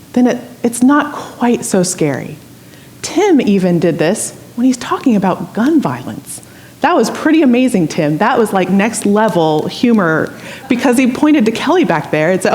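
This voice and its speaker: Animated woman preaching a sermon. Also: mid-range voice. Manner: conversational, animated storytelling with asides to the congregation. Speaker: pastor. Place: church sanctuary.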